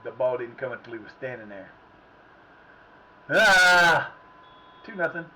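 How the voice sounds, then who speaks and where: Animated, pushed and bright, a medium-pitched man speaks a little slowly as he streams a soccer video game, chatting to himself casually between reactions to the plays. Slightly muffled audio with faint background noise.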